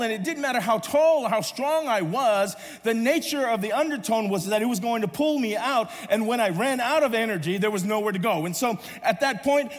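A man preaching a sermon, telling a personal story in an animated way and acting out voices before settling into a hushed close. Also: very high voice. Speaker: pastor. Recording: long hall reverb.

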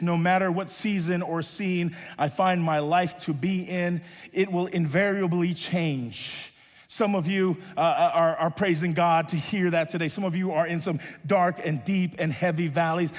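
A man's voice: sits high, steady tone, measured pace, big-room sound. A male pastor preaching a sermon, stretching refrains into half-sung lines.

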